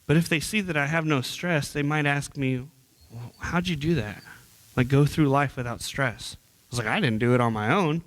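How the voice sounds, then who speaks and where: A man's voice: medium pitch, normal speed. A young man preaching as a youth minister in church, earnest and conversational, often repeating words and restarting sentences. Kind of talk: sermon.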